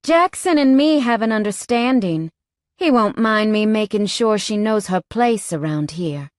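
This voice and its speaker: A woman voicing a brash, jealous young biker woman with a sharp, sneering manner. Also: medium pitch, lively intonation, measured pace, no room sound, clean studio sound, pitched above the performer's own voice, natural voice.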